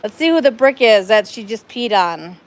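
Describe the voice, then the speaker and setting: Walking around an outdoor cat playground with her phone, a woman hosts a casual live stream in an expressive, medium-pitched voice at normal speed. She chats and rambles, laughing easily.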